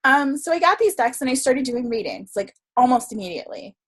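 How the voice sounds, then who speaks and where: A woman's voice: high-pitched, very animated, a little fast, fairly bright tone. Chatty woman telling a story. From Florida. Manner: chatty, filler-heavy, laughs often. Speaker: guest, tarot reader and writer. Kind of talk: casual storytelling interview.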